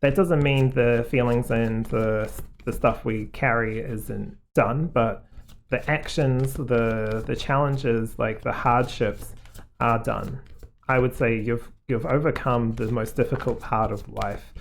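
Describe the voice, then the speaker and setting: A man talks viewers through a tarot reading in a loose, rambling way, padding his thoughts with "like" and "um". His voice sits at an ordinary pitch with a gravelly edge. He keeps a gently reassuring, advising tone. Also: steady tone, slow, slight background noise. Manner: rambling, heavy on fillers like "like" and "um". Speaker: tarot card reader. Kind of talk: casual spoken card reading to viewers.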